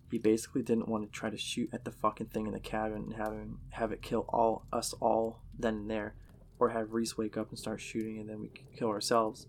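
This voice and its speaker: A man's voice: lowish voice, completely flat delivery, fairly quick, a little hiss or hum. A man casually narrating a horror story in a profane, conversational way.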